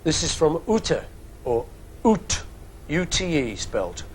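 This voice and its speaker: A man's voice: fairly high pitch, big pitch swings, normal speed, slightly rough, low-quality recording. A man in his fifties with a Liverpool accent answers fan questions in a casual studio webcast, chatty and joking with wandering asides. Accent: Liverpool English. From England. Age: 50s.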